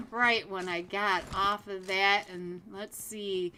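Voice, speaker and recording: A young woman casting a live esports match, chatty and quick to laugh, calling out players by name. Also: fairly high pitch, flat delivery, bright, forceful tone, slight background noise. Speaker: esports caster. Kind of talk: live game commentary.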